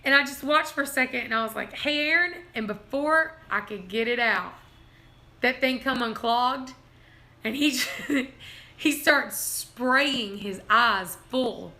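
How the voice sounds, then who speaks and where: A woman's voice: on the high side, a little slow, bright, forceful tone. A woman, hosting a casual livestream and telling family stories, laughing often as she talks. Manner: giggly, laughs through her own stories. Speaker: livestream host.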